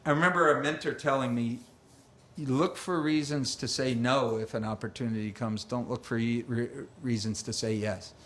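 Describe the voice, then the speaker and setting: A man's voice: mid-range voice, steady tone, moderate pace, fairly bright tone. A man preaching a conversational sermon, chatty and self-deprecating, acting out quoted voices along the way. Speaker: pastor. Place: church sanctuary. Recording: roomy church sanctuary echo.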